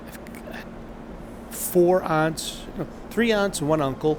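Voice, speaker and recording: A middle-aged man vlogging on a subway train, talking candidly in a rambling monologue with joking asides. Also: slow. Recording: loud rumbling train noise. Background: subway train and announcements.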